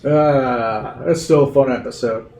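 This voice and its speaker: A man's voice: medium pitch, slow, vocal fry, darkish tone, a little hiss or hum. A man running a tabletop game as game master, explaining rolls and outcomes in a loose, rambling way with many fillers. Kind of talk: running a tabletop game over a video call. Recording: roomy echo.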